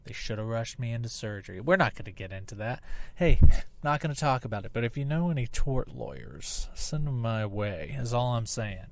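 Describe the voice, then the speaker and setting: A man's voice: mid-range voice, sing-song, fairly quick, gravelly. A man in his thirties hosting a casual solo podcast, rambling and swearing while still recovering from surgery, talking straight into a laptop mic that sounds hot and poppy. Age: 30s. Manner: profane, rambling, self-deprecating. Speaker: podcast host. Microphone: laptop mic on a video call app, close and popping.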